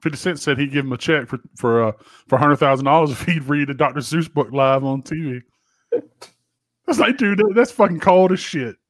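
Profane joking man, fairly high voice. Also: expressive, a little fast, dry recording. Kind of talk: casual chat.

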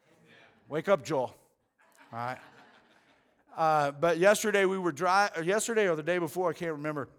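A man's voice: a little high, moderate pace, long pauses, fairly bright tone. A man preaching a sermon as pastor, earnest and conversational, often repeating words as he goes.

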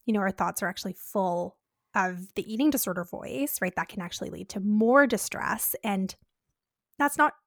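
A woman co-hosting a podcast, speaking in a gentle, reflective way and often checking in with "right?". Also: medium pitch, normal speed, no echo, studio quality. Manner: gentle, reflective, says "right?" and "you know". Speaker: podcast co-host. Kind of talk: casual podcast chat.

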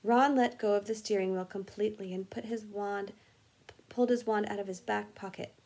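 A husky, breathy-voiced woman reading a children's chapter book aloud with lively expression. Her pitch sits mid-range, and she now and then stumbles and corrects a word. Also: brisk. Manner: animated, expressive reading with small slips. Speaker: music teacher reading aloud. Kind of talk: storybook read-aloud.

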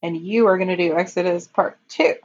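A woman casually recapping a TV episode for a podcast, retelling the plot in an unhurried way with frequent ums. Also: fairly low pitch, fairly even intonation. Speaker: podcast co-host. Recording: dull lo-fi audio.

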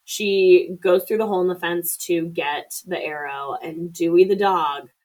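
This podcast co-host has a lowish, mellow voice with a steady tone and an unhurried pace. She casually retells a movie's story, swearing a lot and acting out what the characters say. The audio is low quality.

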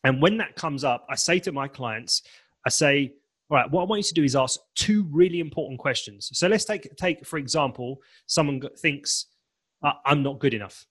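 Interviewed on a podcast as a confidence and presentation coach, this man has a fairly high, fairly bright, husky voice with lively intonation at a moderate pace. The animated conversation sees him speaking emphatically and acting out bits of inner dialogue.

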